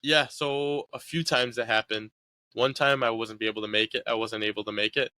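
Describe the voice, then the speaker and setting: A young man's mid-range voice, steady, bright and forceful, moves a little fast on a dry recording. He's a college soccer player being interviewed about his sports years, and he rambles casually with lots of fillers.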